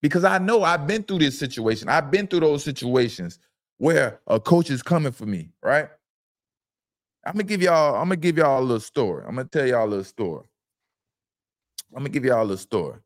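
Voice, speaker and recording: A man's voice: medium pitch, expressive, moderate pace, long pauses. A middle-aged man, a former football player co-hosting a casual sports talk show, telling stories emphatically and repeating his phrases.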